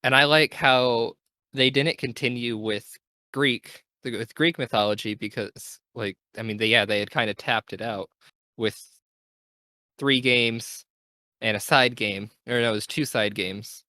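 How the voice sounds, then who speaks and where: A man's voice: mid-range voice, fairly even intonation, a little slow, pushed and bright, dry recording. A young man hosting a casual gaming podcast, talking in an enthusiastic, rambling way and correcting himself as he goes. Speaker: podcast host.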